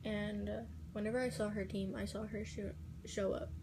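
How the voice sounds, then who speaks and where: A teenage girl telling a personal story in a vlog, halting and hesitant, dropping at times into soft whispers. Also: mid-range voice, flat delivery, gravelly, background noise. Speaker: vlogger.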